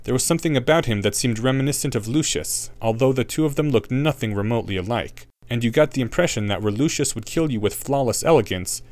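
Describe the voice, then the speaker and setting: A man narrating an audiobook with an expressive, wry reading. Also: medium pitch, quick pace, few pauses, no echo.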